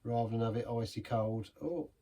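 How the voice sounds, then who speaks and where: A man's voice: medium pitch, moderate pace, mellow. A man giving a casual, rambling beer review in a pub, chatty and self-deprecating.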